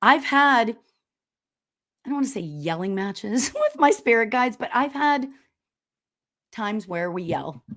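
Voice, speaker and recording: A middle-aged woman hosting a live stream as a spiritual medium, chatting casually and telling stories loudly with lots of laughs and "you know?". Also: mid-range voice, takes it slowly, long pauses. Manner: loud, animated storyteller with frequent laughs and "you know?". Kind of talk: casual livestream chat reading viewer comments.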